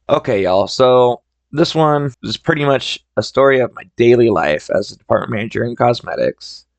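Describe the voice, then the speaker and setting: A man's voice: mid-range voice, no room sound. A man hosting a solo storytelling podcast, talking in a chatty, conversational way into a close mic. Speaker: podcast host.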